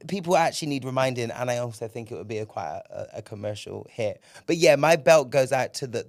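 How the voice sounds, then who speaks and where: A young man hosting a solo podcast, telling a story in an animated, profane way. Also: mid-range voice. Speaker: podcast host.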